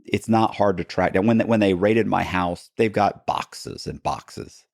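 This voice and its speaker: A man, a podcast guest, telling stories in casual talk and acting out the other people in them with sudden jumps in pitch. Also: measured pace, gravelly, no room sound, studio quality. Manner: animated, acts out quoted dialogue with pitch jumps. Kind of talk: casual storytelling.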